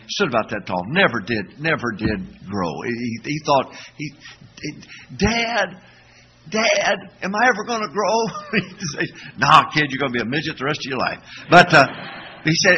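A man's voice: mid-range voice, bright, forceful tone, a little hiss or hum. Emphatic folksy male preacher. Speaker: pastor. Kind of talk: sermon.

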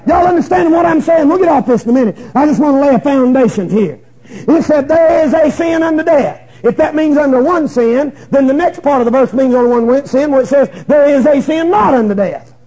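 A man preaching a sermon, impassioned and folksy, often shouting. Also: very high voice, low-quality recording.

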